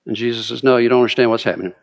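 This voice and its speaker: A man with a Southern US accent preaching a sermon, acting out scripture quotes with lively, dramatic delivery. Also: medium pitch, rapid-fire, highs cut off. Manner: animated, dramatic quoting of scripture.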